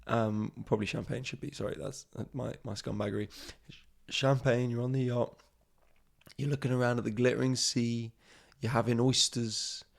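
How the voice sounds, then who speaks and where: A man's voice: medium pitch, level tone, normal speed, creaky. A man, a comedian hosting his podcast in a casual, rambling monologue, swearing freely and mocking himself.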